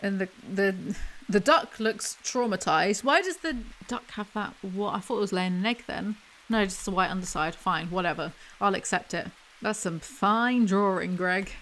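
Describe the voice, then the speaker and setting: A woman reading a picture book aloud as ASMR commentary, with mocking, deadpan asides. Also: mid-range voice, moderate pace, low-quality recording.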